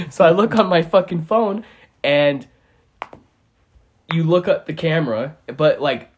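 A man telling a long story in casual chat, animated and profane, often laughing as he goes. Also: fairly high pitch, a little slow, pauses often. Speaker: storyteller on a podcast.

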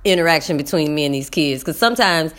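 A woman teacher telling her viewers a classroom story in a casual, animated way, acting out voices and speaking to them as y'all. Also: low-pitched, fast. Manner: animated, talks to viewers as y'all, acts out dialogue. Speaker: middle school teacher.

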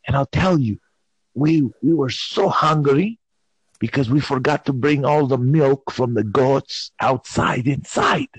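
A husky man rambles through an absurd tall tale with theatrical flair. He drops into hushed whispers and mock voices as he goes. The sound is dry and close, with no room around it. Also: medium pitch, measured pace, dry recording. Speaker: caller telling a comic story. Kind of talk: playful improvised storytelling.

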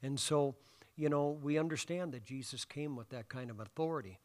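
A male pastor delivers a sermon in a church sanctuary, with a voice of ordinary middle pitch for a man. He talks in a loose, conversational way, throwing questions out to the congregation. He fills his pauses with ums and uhs. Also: darkish tone. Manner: conversational, asks the congregation questions, many fillers.

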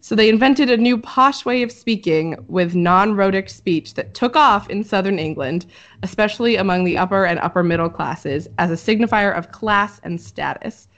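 A woman's voice: mid-range voice, normal speed. A woman hosting a casual podcast chat, explaining what she read with frequent fillers. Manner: explanatory, reads from notes with fillers. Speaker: podcast host presenting research. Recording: dull lo-fi audio.

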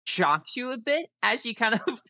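A woman's voice: on the high side, very animated, moderate pace, bright, forceful tone, no room sound. A woman narrating a tabletop game as game master, chatty and laughing often.

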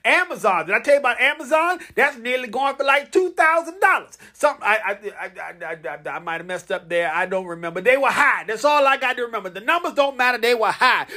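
A man's voice: sits high, pushed and bright. A young man hosting a podcast, talking casually and playfully to his listeners, joking and chanting along with them. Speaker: podcast host.

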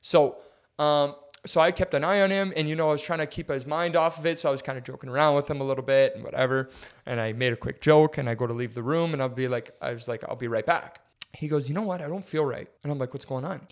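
Talking quickly, the young co-host runs through a casual story on his podcast. He's animated throughout, voicing quotes with dramatic pitch swings.

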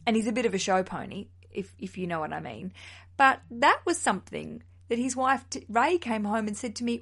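A woman hosting a podcast in casual chat, playful and chatty with quick asides. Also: a little high, animated, fairly bright tone, slightly rough. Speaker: podcast host.

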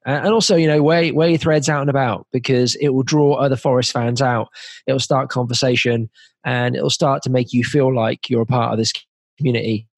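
A man's voice: mid-range voice, fairly even intonation, a little fast, gravelly, no echo. A man co-hosting a podcast, giving earnest advice with a wry edge. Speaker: podcast co-host. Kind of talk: casual podcast chat.

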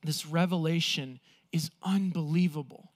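A man preaching a sermon as pastor, earnest, slowing down for emphasis and acting out the quotes he reads. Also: a little high.

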